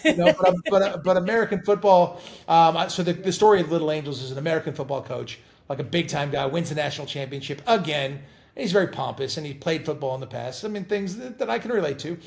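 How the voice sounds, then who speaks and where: Middle-aged male guest, raspy edge, animated anecdotes, restarts and repeats. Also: on the high side, quick pace. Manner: animated storyteller, laughs and repeats words. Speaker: guest actor. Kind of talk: casual interview chat.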